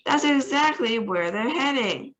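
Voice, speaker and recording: A woman's voice: high-pitched, animated, unhurried, fairly bright tone, highs cut off, pitched above the performer's own voice. A woman reading aloud, voicing a brash, cheeky male astronaut. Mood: reporting. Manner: brash, sassy.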